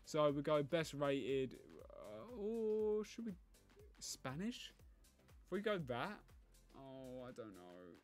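Man, gaming commentary, thinks aloud, pleads at the game, swinging lively pitch. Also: slow pace, faint music behind. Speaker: gaming YouTuber. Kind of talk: live gameplay commentary.

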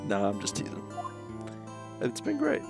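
A man's voice: mid-range voice, wildly swooping pitch, unhurried, vocal fry, full character voice. A man voicing a bubbly, teasing teenage girl in a raised sing-song voice, reading game dialogue aloud. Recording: music behind the voice.

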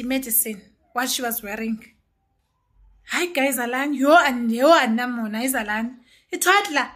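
A woman's voice: high-pitched, fairly bright tone. A young South African woman chatting casually with her vlog viewers in her home kitchen, switching between Xhosa and English and often calling out to them. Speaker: mom vlogger.

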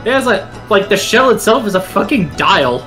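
A man's voice: high-pitched, very animated, normal speed, bright, forceful tone. Chill sweary guy cohosting, voice bounces up and down a lot, game music playing. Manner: laid-back, swearing, joking. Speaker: co-host. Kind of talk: casual chat.

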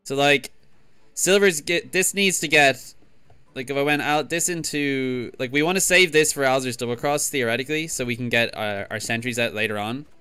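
A man's voice: mid-range voice, moderate pace, sharp tone, smooth, dry recording. A man thinking aloud and talking himself down while he streams a card game. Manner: thinking aloud, self-deprecating. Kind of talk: casual gameplay commentary. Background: game music.

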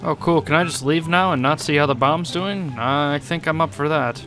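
A man's voice: on the high side, normal speed, fairly bright tone, faint music behind. A young man giving casual, sarcastic let's-play commentary, joking and swearing freely as he plays. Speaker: gaming YouTuber.

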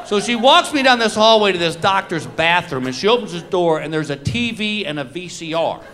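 Lively high-voiced comedian man. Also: fairly quick, a faint crowd. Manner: animated, self-mocking, acts out his own reactions. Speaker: stand-up comedian. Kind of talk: live stand-up storytelling. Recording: noisy live comedy recording.

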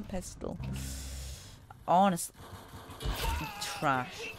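A woman giving casual gameplay commentary as a gaming YouTuber, excitable and trash-talking, shouting at enemies. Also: low-pitched, a little slow, soft background music.

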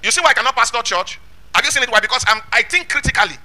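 A man preaching, his voice very high and ringing bright. He swings up and down in pitch, and he presses each point home with rhetorical questions and shouted scripture. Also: animated, rapid-fire. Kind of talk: sermon.

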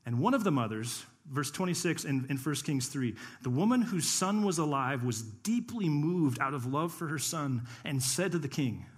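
A pastor preaches to his church in a fairly high, lively voice. He tells the stories with playful asides and talks straight to the congregation. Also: normal speed, few pauses. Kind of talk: sermon.

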